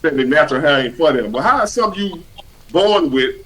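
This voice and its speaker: A man's voice: a little high, animated, fast talker, a bit bright, rough recording. Blunt, cussing male livestream host. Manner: blunt, preachy and profane, with heavy slang. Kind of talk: casual livestream chat.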